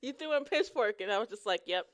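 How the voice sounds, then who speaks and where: A woman co-hosting a casual podcast chat, quick with jokes and wisecracks. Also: fairly high pitch, animated. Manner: jokey, quick with wisecracks and laughter. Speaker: podcast co-host.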